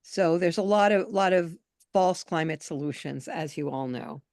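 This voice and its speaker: Chatty low-voiced woman on a dry call. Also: moderate pace, dry recording. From New York state, US. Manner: chatty, animated, trailing off into quiet asides. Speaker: call participant, activist. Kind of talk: casual video call conversation. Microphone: video call.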